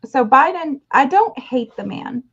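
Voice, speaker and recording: A woman's voice: high voice, unhurried, slight background noise. A woman co-hosting a casual chat show, telling stories with jokes. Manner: animated storyteller, joking. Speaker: co-host. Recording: dull lo-fi sound.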